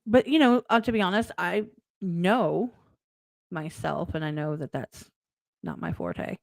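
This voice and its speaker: A woman's voice: on the low side, expressive, unhurried, creaky, dry recording. Chatty, encouraging woman host. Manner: chatty, encouraging, retells conversations in quoted voices. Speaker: streamer and host. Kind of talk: casual chat.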